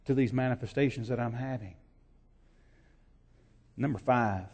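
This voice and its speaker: A man preaching a sermon as pastor, repeating his points and rising from quiet storytelling to loud emphatic preaching. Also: mid-range voice, normal speed, long pauses. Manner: builds from quiet to shouting, repetitive emphatic preaching.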